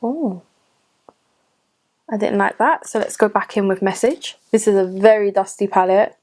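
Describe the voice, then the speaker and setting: A woman's voice: medium pitch, normal speed, a little mellow. A woman in her late twenties chatting casually through a makeup tutorial, gushing and talking to herself as she goes. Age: late 20s. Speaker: beauty vlogger. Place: home room at a cluttered desk.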